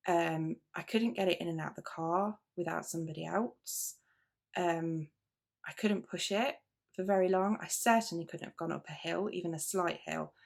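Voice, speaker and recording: A woman's voice: fairly low pitch, normal speed, gravelly. A British woman hosting a knitting video podcast, chatting casually and rambling with frequent asides and restarts. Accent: British English. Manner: chatty and rambling, with frequent self-interruptions and fillers. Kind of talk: casual chat to camera.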